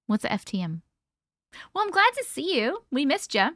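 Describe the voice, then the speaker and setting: A woman's voice: sits high, sing-song, normal speed, sharp tone, no echo, clean studio sound. A young woman hosting a casual livestream, greeting viewers by name and chatting, short on sleep. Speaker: livestream host. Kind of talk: casual live-stream chat.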